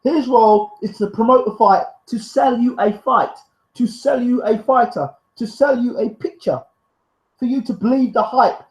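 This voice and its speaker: A man's voice: very high-pitched, a little mellow, echoey room, low-quality recording. A man hosting a live stream, reading out viewer comments and arguing back in a fiery, defensive, emphatic way. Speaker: live show host.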